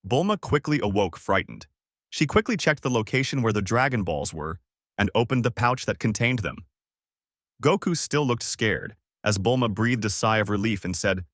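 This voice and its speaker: A man narrating a fan-made story aloud in a plain, steady way. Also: lowish voice, moderate pace, no room sound, studio quality. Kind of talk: reading fan fiction aloud.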